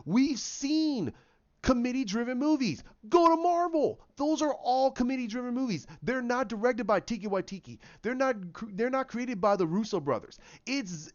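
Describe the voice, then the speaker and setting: A YouTube commentator with a high-sitting, darkish voice gives an impassioned, opinionated solo commentary, often repeating himself and restarting phrases as he argues his point. The audio sounds dull.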